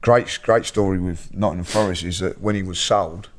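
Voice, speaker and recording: Low-voiced man telling a rambling story. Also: normal speed, slight background noise. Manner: animated storyteller with many fillers and repeats. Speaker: podcast host. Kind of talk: casual chat, storytelling.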